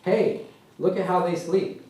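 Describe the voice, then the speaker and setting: A man's voice: high-pitched, steady tone, unhurried, dark tone, pitched above the performer's own voice. A man voicing an insistent two-year-old boy at play, recorded from far off in an echoey hall. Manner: insistent, childlike.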